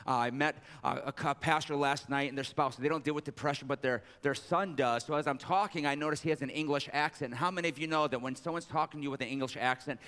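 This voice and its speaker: A man preaching a sermon as pastor, joking with the congregation between scripture readings. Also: a bit bright. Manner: jokey asides, reads scripture with raised pitch. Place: large church sanctuary. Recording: long hall reverb.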